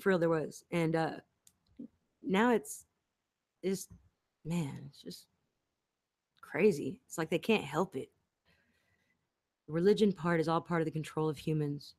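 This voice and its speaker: A woman's voice: low-pitched, measured pace, pauses often, a little mellow, no echo. A woman in a rambling casual chat, giggling and interrupting herself often. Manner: giggly, meandering, with frequent self-interruptions. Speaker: host.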